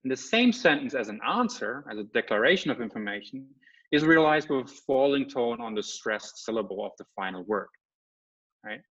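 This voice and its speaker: Brief: male guest lecturer, mid-pitched, explanatory, checking in with the audience, dull lo-fi video-call sound. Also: big pitch swings, normal speed, a bit bright. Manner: explanatory, checks in with "right?" and "okay?". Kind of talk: academic lecture. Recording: slightly muffled lecture audio.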